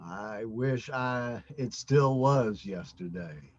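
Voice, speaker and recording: An actor playing a haunted, reclusive older husband who talks in a halting, stammering, brooding way. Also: male voice, medium pitch, no room sound, muffled recording. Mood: wistful. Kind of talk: amateur audio drama.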